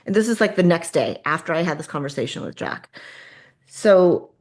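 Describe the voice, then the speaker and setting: A woman guest telling a personal story in conversation, animated and acting out the people in it. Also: fairly low pitch, normal speed. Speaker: guest, artist.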